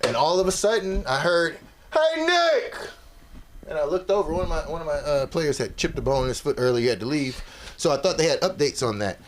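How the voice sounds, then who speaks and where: A man doing open mic stand-up, telling a profane story and shouting when he acts out angry parents. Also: a little high, fast, few pauses. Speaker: stand-up comic. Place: comedy club stage. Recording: noisy club crowd. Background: audience reactions.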